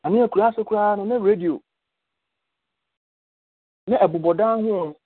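Unhurried and high-voiced, the older man tells stories from his past in casual talk, dropping English words in as he goes. It's a tinny phone-line call with no room sound.

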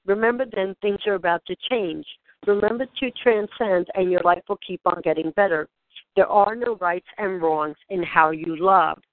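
A woman leading a channeled spiritual guidance session, speaking in gentle, questioning prompts to the listener. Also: mid-range voice, moderate pace, slight background noise. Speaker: spiritual guide. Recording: dry, tinny phone-like sound.

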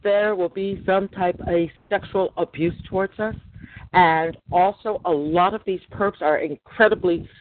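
A woman's voice: fairly low pitch, fairly even intonation, unhurried, slight background noise. A woman hosting a casual podcast chat, talking emphatically and repeating her points. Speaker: podcast host. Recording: tinny phone line.

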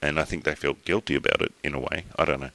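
Very deep-voiced Australian man telling a story. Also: fairly even intonation, bright, forceful tone, no room sound. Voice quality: rambling, talks in halting restarts, swears casually. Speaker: podcast host. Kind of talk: casual chat, storytelling.

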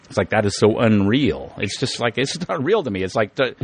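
A man's voice: lowish voice, expressive, fairly quick, breathy edge. A middle-aged man talking in a rambling, profane podcast monologue, often stammering and repeating words. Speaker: podcast host. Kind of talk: casual monologue.

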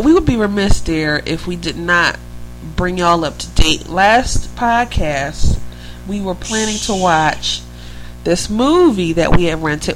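A woman's voice: fairly low pitch, poor audio. Chatty woman podcaster, faint hum. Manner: chatty and rambling, laughs easily. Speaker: podcast co-host. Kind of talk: casual chat.

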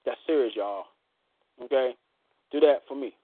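A man with a mid-range voice hosts a casual radio talk show at normal speed, telling bawdy jokes and acting out other people's voices. The audio is dry, with a tinny phone-line quality.

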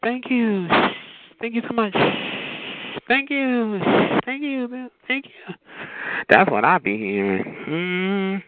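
A woman's voice: medium pitch, very animated, slow. A woman calling into a community call, talking in a sassy, drawling, slangy way with repeated asides. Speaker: caller performing on a community call. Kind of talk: sassy spoken monologue between sung bits. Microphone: phone. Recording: tinny phone line with faint noise.

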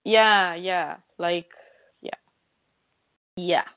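A woman's voice: lowish voice, fairly even intonation, drawn-out words, clean tone, no echo. A woman co-hosting a casual comic book chat, chatty and often quoting her own reactions. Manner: chatty, quotes herself with "I'm like". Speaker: podcast co-host. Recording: tinny phone-like line, dry.

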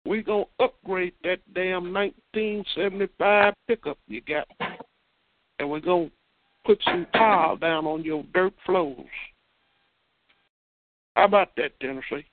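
A man needling a caller with mock praise. His voice is high, with no room sound at all, squeezed through a thin phone-line band. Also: steady tone, unhurried, long pauses, no echo. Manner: mocking, laughing, taunting. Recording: dry tinny phone line.

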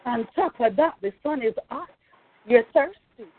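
A woman's voice: on the high side, lively intonation, measured pace, a little hiss or hum. A woman pastor preaching a fervent sermon, repeating phrases and calling out praise. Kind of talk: sermon over a phone line. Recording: tinny phone line.

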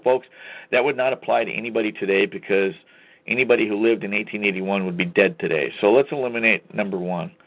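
A man hosting a talk radio show, delivering a combative, folksy monologue and often calling the listeners "folks". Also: medium pitch. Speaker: radio host. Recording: tinny phone-line sound.

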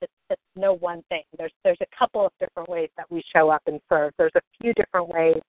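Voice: mid-range voice, steady tone, quick pace, no room sound. A podcast host musing thoughtfully about purpose and service in a conversation. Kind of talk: reflective conversation. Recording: dry phone-like audio.

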